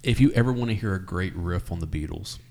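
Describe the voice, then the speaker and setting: A man's voice: deep voice, fast, vocal fry, mellow. A man co-hosting a casual chat, rambling as he hunts for names. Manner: rambling, searches for names with ums. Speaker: podcast co-host.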